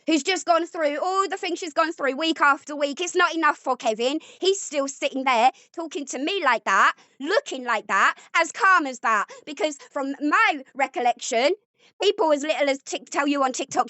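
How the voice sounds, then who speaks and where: A woman's voice: sits high, animated, moderate pace, bright, forceful tone, dry recording, dull audio. A woman arguing angrily at home, accusatory and sarcastic. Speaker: vlogger. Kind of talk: heated domestic argument.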